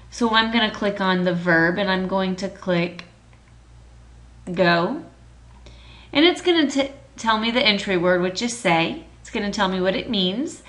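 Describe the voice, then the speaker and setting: A woman teaching a writing lesson in a bright, clear voice. She speaks slowly and deliberately, walking through each step. Her pitch sits in an ordinary middle range. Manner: slow, deliberate, explaining step by step.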